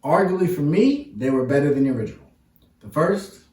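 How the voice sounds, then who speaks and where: A man co-hosting a casual movie review chat, talking in a playful way with long drawn-out fillers. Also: on the high side, animated, a little mellow, far from the mic. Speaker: podcast co-host. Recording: roomy, mic set back.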